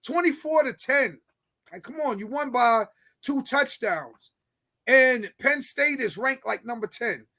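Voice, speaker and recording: A man with a very high voice hosts a loose sports chat. He is brash and argumentative, piling on slang as he rants. He sounds like a regular behind the mic. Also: lively intonation, a little slow, pushed and bright. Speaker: sports podcast host.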